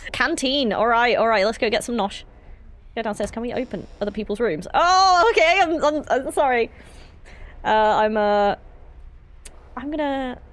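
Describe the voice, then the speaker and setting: A young woman streaming a horror game, chatty and giggly with rambling asides. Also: on the high side. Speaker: gaming streamer. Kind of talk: casual let's-play commentary.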